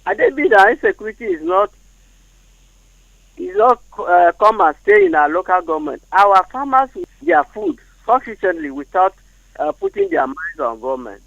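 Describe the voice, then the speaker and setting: A Nigerian man calls in over a dull, dry phone line, his high, gravelly voice leaping all over the range. He speaks formally but haltingly, often restarting words. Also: wildly swooping pitch, fairly bright tone, dry recording. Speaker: phone-in caller. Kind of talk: call-in opinion.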